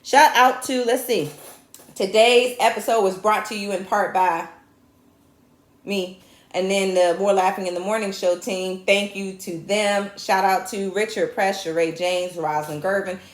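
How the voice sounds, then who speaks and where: A woman's voice: medium pitch, unhurried. A woman with a Southern US accent hosting a casual comedy talk show, joking and speaking with conviction. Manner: animated, joking, preachy asides. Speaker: host. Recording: echoey room.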